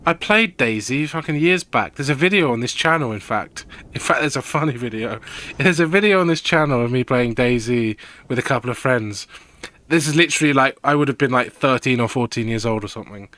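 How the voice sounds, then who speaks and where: A man's voice: medium pitch, expressive, fairly quick, a bit bright, no echo. Sweary man rambling on a gaming stream. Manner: rambling, sweary, laid-back. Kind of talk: casual gaming stream chat.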